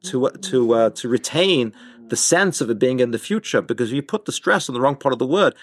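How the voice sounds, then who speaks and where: Male teacher, patient and halting, mid-pitched, dry recording. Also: animated, dry recording. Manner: hesitant, many restarts, explanatory. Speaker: Torah class teacher. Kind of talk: informal Torah class.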